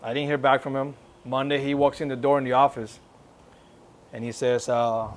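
At a church service, a man shares his personal testimony, acting out the dialogue and earnestly exhorting his listeners. His medium-pitched voice is delivered flatly at a normal speed.

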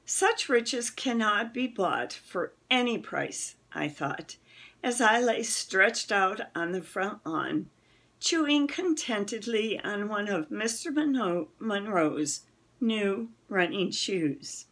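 A woman reads a children's novel aloud in a slow, unhurried way. Her slightly breathy voice rises and falls with lively pitch, and she slips into the characters as she goes. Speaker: reader.

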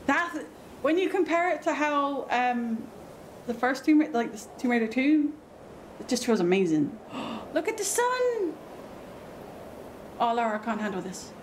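A young British woman with a British accent giving excitable, gushing, chatty commentary while playing a video game. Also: on the high side, moderate pace, slight background noise. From Britain. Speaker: gaming streamer. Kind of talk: casual gameplay commentary.

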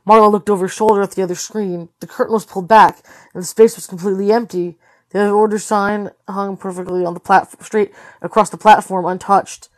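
A woman reading a novel aloud as a tired read-along host, steady with occasional slips and corrections. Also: medium pitch, brisk, dry recording. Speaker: storybook reader.

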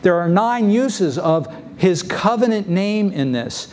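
A man preaching a sermon as pastor, lively and acting out the voices of biblical figures. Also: high-pitched, takes it slowly. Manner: lively, acts out scripture voices. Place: church sanctuary.

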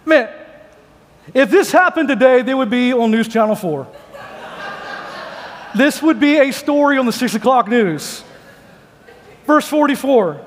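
Male preacher, high-pitched, chatty and joking, big reverberant sanctuary. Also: animated, unhurried, long pauses. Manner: joking, conversational storytelling. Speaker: pastor. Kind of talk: sermon. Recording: long hall reverb.

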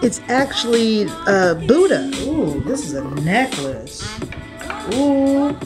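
A woman's voice: medium pitch, big pitch swings, measured pace, music in the background. A young woman in her studio apartment unboxing packages in a casual vlog, playful and slangy, sometimes breaking into song. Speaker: vlogger.

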